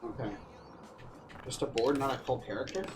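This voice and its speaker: A man's voice: medium pitch, normal speed, noisy background. A man chatting casually while watching a game stream, rambling with lots of filler words. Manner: rambling, filler-heavy storytelling. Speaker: guest streamer. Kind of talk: casual chat.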